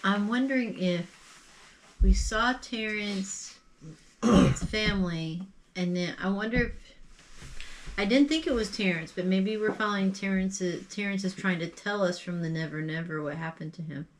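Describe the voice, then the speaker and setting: A woman's voice: mid-range voice, moderate pace, a little hiss or hum. Woman thinking aloud as a player. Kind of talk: casual chat.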